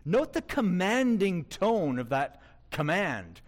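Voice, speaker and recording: Guy preaching a sermon, slow and emphatic, voice jumps all over, lots of questions to the crowd. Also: sits high, big pitch swings. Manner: emphatic, asks the listeners rhetorical questions.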